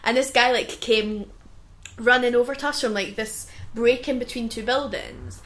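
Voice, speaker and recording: A young Scottish woman with a fairly high voice talks casually on a podcast. She laughs easily and swears freely. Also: fairly even intonation, normal speed, a bit bright, a little hiss or hum. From Scotland. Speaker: podcast co-host. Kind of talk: casual chat.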